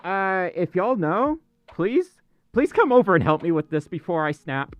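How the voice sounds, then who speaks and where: A man's voice: high-pitched, very animated, a little slow, dry recording, muffled recording. A man hosting a casual livestream chat, flustered, stammering and apologetic. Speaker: livestream host. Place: dark room indoors.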